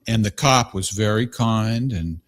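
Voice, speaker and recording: A man's voice: on the low side, measured pace. A man hosting a call-in talk show, chatty and easygoing with a bemused streak. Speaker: host. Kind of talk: casual talk show chat.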